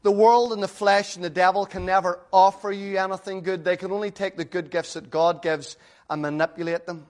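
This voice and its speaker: A man delivers a sermon in a fairly high-pitched voice. His preaching is earnest and conversational, and he keeps putting rhetorical questions to his listeners. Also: steady tone, a little fast.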